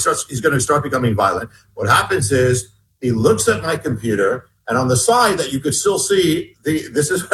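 A man's voice: a little high, a bit bright, slight background noise, poor audio. A man, an author being interviewed, earnestly recounting a personal story with many restarts and repeated words. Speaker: author guest.

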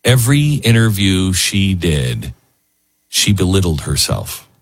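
Husky, dry-voiced talk show host. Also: male voice, deep voice, big pitch swings, takes it slowly, no echo. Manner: emotional, rambling, with restarts. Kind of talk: casual talk radio monologue.

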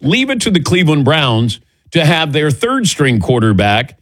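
A man's voice: fairly high pitch, big pitch swings, moderate pace, fairly bright tone, no room sound. A man hosting a sports radio talk show, joking loosely and tossing to his crew by name. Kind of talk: casual radio show chat. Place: radio studio. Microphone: studio microphone.

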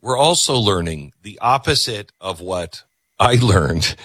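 Lively husky-voiced man hosting commentary. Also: lowish voice, measured pace, dry recording. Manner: animated, emphatic, calls for clips. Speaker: commentary host. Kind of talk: commentary on clips.

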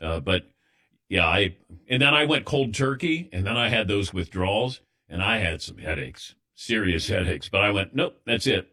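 A middle-aged man hosting a sports radio show in relaxed, conversational banter. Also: low-pitched, normal speed.

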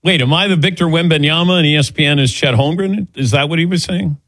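A man's voice: a little high, quick pace, fairly bright tone, dry recording. A middle-aged man hosting a sports radio show, joking wryly and teasing himself. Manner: wry, self-deprecating joking. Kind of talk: casual sports talk radio.

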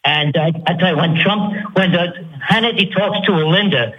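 A man's voice: sits high, moderate pace, slight background noise. A man with a New York accent calling into a radio show, chatty and laughing. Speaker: caller. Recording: echoey, dull phone line.

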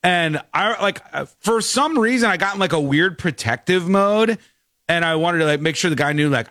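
A man co-hosting a casual chat show, talking in an animated, jokey way as he tells stories. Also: sits high, normal speed, no room sound, clean studio sound. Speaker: podcast co-host.

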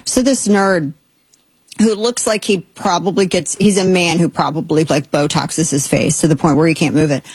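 A woman's voice: fairly low pitch, fairly even intonation, moderate pace, a little mellow, slightly rough, no echo. A middle-aged woman hosting a talk radio show, blunt and sarcastic, rambling through opinionated commentary with many restarts.

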